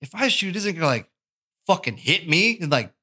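A man's voice: on the high side, big pitch swings, a little fast, sharp tone, slightly rough. A man as a podcast guest telling a long story in casual chat, rambling and profane, full of "dude" and "like.". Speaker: podcast guest, tattoo artist.

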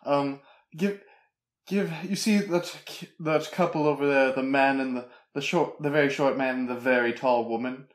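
A male voice in a roomy, echoing space, hesitant and stammering at times and loud and bossy at others, in an improvised comedy scene. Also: mid-range voice, fairly even intonation, normal speed. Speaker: improv performer.

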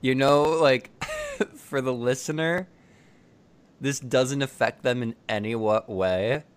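A man's voice: mid-range voice, takes it slowly, clear, resonant tone. A man hosting a podcast in casual chat, teasing and joking, talking over a video call. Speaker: podcast host.

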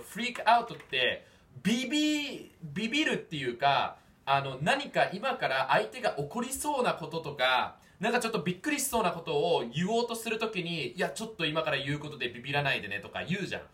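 A man with a Japanese accent, an English teacher chatting casually and nodding along with quick repeated yeahs. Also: fairly high pitch, big pitch swings, sharp tone, echoey room, far from the mic. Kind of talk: casual chat.

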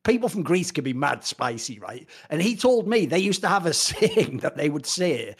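A British man co-hosting an esports chat, ranting in a profane, animated way. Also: on the high side, normal speed, husky. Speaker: esports co-host. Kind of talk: casual podcast chat.

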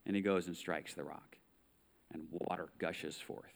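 A man's voice: sits low, steady tone, normal speed. A man with an American accent preaching a sermon in a conversational way, reading scripture aloud and asking the listeners rhetorical questions. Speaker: pastor.

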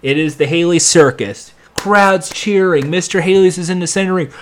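A man with a slightly high voice recaps a show in a loose, rambling way. He is sarcastic throughout and adds sound effects and quick impressions as he goes. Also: a bit bright. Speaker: show reviewer. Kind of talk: casual recap and commentary.

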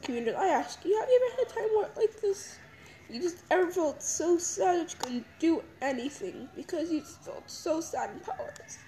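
A young woman crying as she talks through her feelings in a halting, repetitive confessional monologue. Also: extremely high pitch, animated, warm tone, faint music behind, rough recording. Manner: halting, emotional, repeats herself. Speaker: podcast host.

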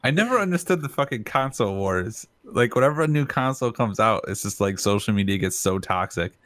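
Low-voiced laid-back male streamer. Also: expressive, a little fast, fairly bright tone, dry recording, clean studio sound. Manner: laid-back, blunt, swears casually. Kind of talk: casual chat.

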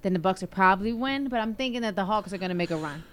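A woman's voice: medium pitch, lively intonation, very fast, crowd noise. A woman co-hosting a sports podcast, giving her opinions in a laid-back, hedging way. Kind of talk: casual sports chat.

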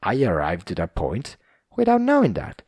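A man rants on his own podcast in a casual, swearing, rambling way, mocking himself as he goes. His voice is fairly low and gravelly with fry, and his pitch swings widely. The sound is close and dry. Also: huge pitch swings, moderate pace, a little mellow, dry recording. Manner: profane, rambling, self-mocking. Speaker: podcast host.

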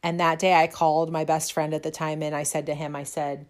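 A woman's voice: deep voice, level tone, brisk, hardly any pauses. A woman who teaches fitness, telling a personal story in a chatty, self-deprecating way with many fillers. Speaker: fitness instructor. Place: lives in a cold, snowy city.

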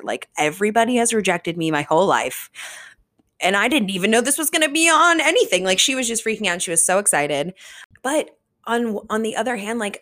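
Chatty young woman, slightly low voice. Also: fairly bright tone. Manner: chatty, lots of "like" and swearing. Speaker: podcast host. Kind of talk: casual chat.

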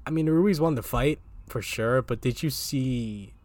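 A man co-hosting a casual sports chat, animated and laughing often as he reads quotes aloud. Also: medium pitch, a little slow, dry recording. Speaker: co-host.

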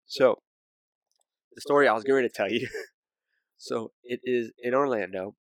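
A man's voice: mid-range voice, measured pace, no echo. A young man co-hosting a podcast, telling a story in a casual, rambling way with many fillers. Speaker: podcast co-host.

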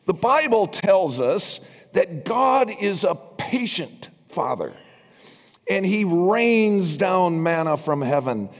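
Slow, lively older male preacher. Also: on the high side. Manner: animated, wry asides to the congregation. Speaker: pastor. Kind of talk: sermon. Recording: long reverb from a large hall.

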